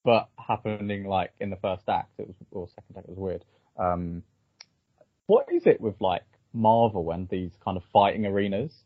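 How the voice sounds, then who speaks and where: Low husky man, hesitant. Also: normal speed, no room sound. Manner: hesitant, lots of ums and restarts. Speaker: podcast host. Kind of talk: casual film review chat. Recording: dull, slightly lo-fi dry sound.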